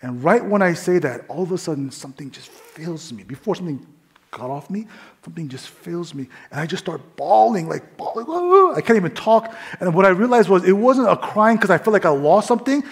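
A young man preaching his testimony, swinging between hushed whispers and loud fervent bursts. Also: high-pitched, animated, a little fast. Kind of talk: testimony sermon.

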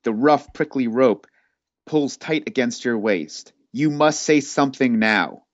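A man's voice: medium pitch, measured pace, no echo. A man casually narrating a choose-your-own-adventure book as host, laid-back and saying "dude" a lot. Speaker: host reading a gamebook. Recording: dull lo-fi dry sound.

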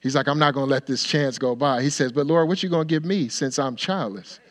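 A man preaching a sermon, acting out the dialogue of the story in an expressive way and sometimes dropping to a soft, near-whispered voice. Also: medium pitch, a little fast. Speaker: pastor.

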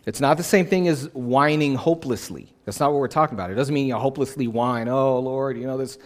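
Male pastor, conversational sermon, emphatic repetition, mid-pitched voice. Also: fast.

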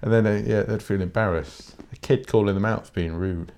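British bloke, fairly low voice, solo podcast host who rants bluntly and swears freely. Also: male voice, moderate pace, creaky, a little mellow. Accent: British English. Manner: blunt, sweary, rambling, with many restarts. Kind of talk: casual solo podcast rant.

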